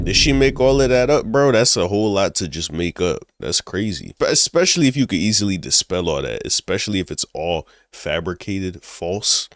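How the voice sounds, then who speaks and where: A man's voice: low-pitched, animated, normal speed, hardly any pauses, fairly bright tone, dry recording, studio quality. A man giving casual reaction commentary, firing off incredulous rhetorical questions and saying "bro" a lot.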